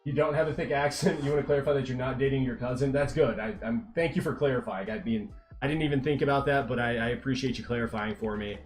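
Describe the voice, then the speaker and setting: A man's voice: mid-range voice, fast, faint music behind. A man from Texas with a mild Texan accent, chatting casually and rambling with many restarts and fillers while live-streaming. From Texas, USA.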